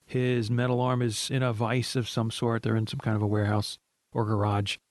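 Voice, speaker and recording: Measured man in dry movie-podcast chat. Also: mid-range voice, little pitch movement, dry recording. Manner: measured, thoughtful, trails off into restarts. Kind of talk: casual movie discussion.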